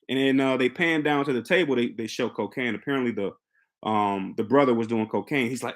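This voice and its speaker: A young man casually recapping a movie plot for his channel. He tells it as an excitable story, restarts his sentences and acts out the characters' lines. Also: mid-range voice, fairly quick. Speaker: film reviewer recapping a movie.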